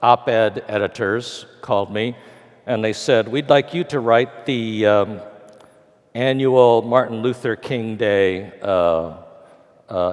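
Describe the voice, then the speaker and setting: An older man in his sixties tells a lecture story with dry, wry humor, acting out both sides of each exchange. He speaks slowly and unhurriedly at a middling pitch. His voice rings with the long reverb of a large hall. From California. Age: 60s.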